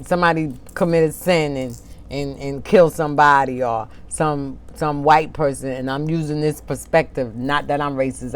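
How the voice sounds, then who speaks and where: A woman with a low voice preaches an informal sermon. She lingers over each word when she reads scripture, then turns impassioned and pointed, arguing with the people she is preaching to. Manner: impassioned, talks back to an imagined congregation, laughs at herself; reads scripture slowly and deliberately.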